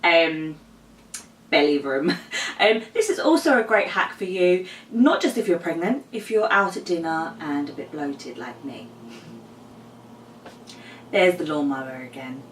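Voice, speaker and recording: A woman's voice: sits low, animated, unhurried, long pauses, slight background noise. A young woman, heavily pregnant and a little out of breath, chatting casually to camera in a vlog with lots of ums and likes. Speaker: vlogger. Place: home room, mower outside. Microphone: camera mic. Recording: echoey room, camera a bit far.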